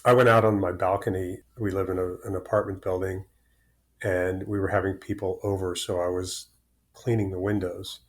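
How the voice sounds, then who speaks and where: A man's voice: sits low, level tone, normal speed. A man in his sixties, a podcast guest telling personal stories openly, often restarting and repeating words. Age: 60s. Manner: open, rambling, repeats words. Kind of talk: candid conversational storytelling.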